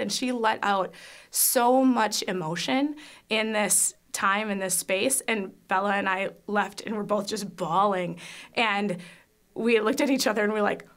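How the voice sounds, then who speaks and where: A woman's voice: mid-range voice, steady tone, a little slow, a bit bright. A foster mother giving a candid, emotional faith testimony, with frequent fillers and restarts. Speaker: foster parent.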